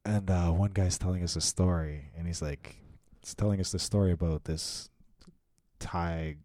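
A man with a very low, mellow voice tells a rowdy story in a relaxed, cursing chat. The sound is close and dry, with no room around it. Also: moderate pace, no echo. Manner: swearing, animated anecdote telling. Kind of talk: casual chat.

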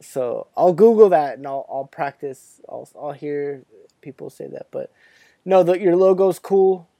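A man's voice: fairly high pitch, a little slow, vocal fry, warm tone, dry recording. Casual guest: talkative man, self-mocking, dead dry mic. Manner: chatty and self-deprecating, laughs often. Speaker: documentary subject and guest. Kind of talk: casual chat.

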